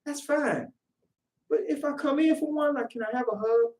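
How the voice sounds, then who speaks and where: A man preaching a sermon in casual, conversational speech, lively as he acts out voices. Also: very high voice, normal speed. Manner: animated, acts out quoted voices. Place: worship hall. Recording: echoey room, voice from far off.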